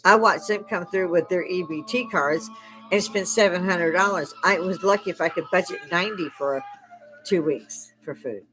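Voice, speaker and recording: A woman's voice: fairly low pitch, moderate pace, music in the background. Profane, fiery older woman ranting. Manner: profane, angry, sarcastic, with scornful laughs. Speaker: livestream host. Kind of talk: political rant.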